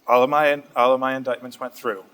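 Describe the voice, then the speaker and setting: A young man, answering interview questions in a steady, thoughtful way with frequent fillers, in a community TV studio. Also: medium pitch, a little fast, clear, resonant tone, low-quality recording. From Massachusetts. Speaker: state representative guest.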